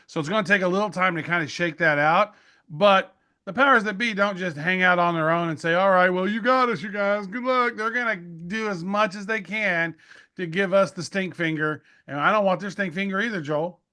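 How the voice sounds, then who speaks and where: A man co-hosting a podcast, talking casually in a chatty, animated storytelling way. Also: fairly high pitch. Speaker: podcast co-host.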